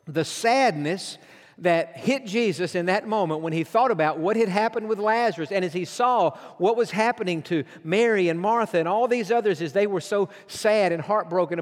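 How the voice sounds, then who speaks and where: A pastor preaching a sermon, earnest and emphatic, slowing down for weighty lines. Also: male voice, high voice. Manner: earnest, emphatic preaching with slow dramatic pauses. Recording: long hall reverb.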